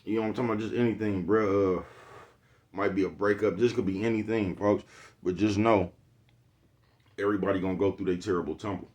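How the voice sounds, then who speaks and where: A relaxed man speaking in a low, deep voice. He talks straight to his viewers in a loose motivational monologue and keeps circling back with "you know what I'm talking about.". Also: fairly quick, long pauses. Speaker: vlogger.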